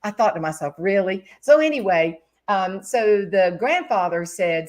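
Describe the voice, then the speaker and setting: A woman's voice: medium pitch, unhurried, hardly any pauses. A woman hosting a casual video-call chat, telling a funny story and acting out the voices of the people in it. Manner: animated, acts out other people's voices in her stories. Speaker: host.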